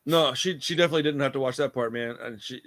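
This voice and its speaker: A man's voice: mid-range voice, quick pace, fairly bright tone. A young man hosting a casual movie review chat, laid-back and rambling, calling his friend dude and bro. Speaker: host.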